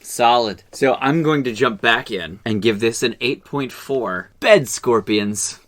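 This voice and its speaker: Co-host, unhurried playful delivery, bright tone, mid pitch. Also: male voice. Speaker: podcast co-host. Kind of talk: casual movie review chat.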